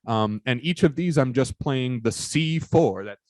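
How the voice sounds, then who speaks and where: A man giving a recorded lecture, explaining in a halting way with many fillers and restarts. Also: mid-range voice, lively intonation, no room sound.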